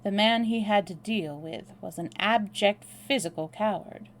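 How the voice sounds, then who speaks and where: A woman reading a novel aloud as a storyteller, in a calm narrating manner. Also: mid-range voice, a little slow, a little hiss or hum.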